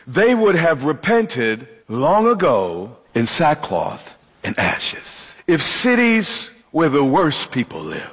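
A man preaching a sermon as pastor, emphatic, with dramatic pauses and questions to the congregation. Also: fairly high pitch, a bit bright, slightly rough, in a large hall.

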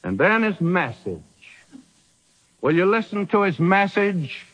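Male preacher, high and animated, emphatic, rhetorical questions; dull lo-fi radio sound. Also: measured pace. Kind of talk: sermon.

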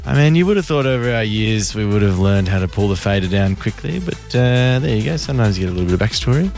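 A man's voice: fairly low pitch, expressive, quick pace, creaky, darkish tone, faint music behind. An Australian man co-hosting a radio show with wry, casual banter. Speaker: radio co-host.

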